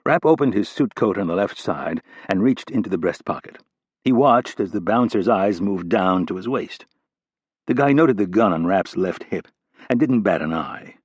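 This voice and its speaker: Low, husky male audiobook narrator. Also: a little mellow, no echo, highs cut off. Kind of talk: scripted narration.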